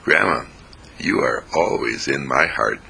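A man voicing a cheerful, loving little granddaughter in a high, eager voice. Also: lively intonation, unhurried, vocal fry, sharp tone, a little hiss or hum, exaggerated voice. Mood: adoring. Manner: sweet, eager, high-pitched.

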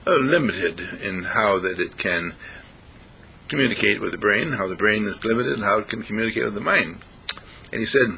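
Man, gravelly and bright, lively playful storyteller, throat-clearing, faint rumble. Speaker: speaker. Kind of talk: casual storytelling talk.

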